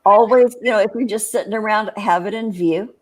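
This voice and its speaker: Woman, livestream chat host, middling pitch, rambling, restarts sentences, casual. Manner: rambling, restarts, quick laughs.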